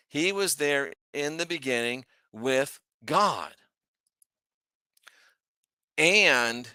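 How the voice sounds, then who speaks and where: A man's voice: medium pitch, pushed and bright, clear, resonant tone, dry recording, studio quality. A man hosting his own channel, teaching from the Bible in a casual, emphatic way, asking rhetorical questions and thinking aloud as he shares his screen. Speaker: host.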